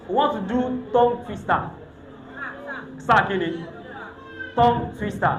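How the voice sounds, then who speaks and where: A Nigerian man hosting an event on a handheld mic, teasing the crowd in lively banter that mixes pidgin and Yoruba. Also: high-pitched. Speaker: event host, master of ceremonies. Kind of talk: lively emcee banter with audience. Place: event hall. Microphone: handheld microphone. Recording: echoey event hall.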